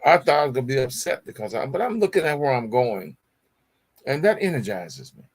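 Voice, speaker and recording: A middle-aged man with a gravelly, fry-edged voice hosts a motivational talk show. He preaches at his listeners, repeats his key phrases and keeps calling them y'all. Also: medium pitch, sing-song, a little fast. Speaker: show host.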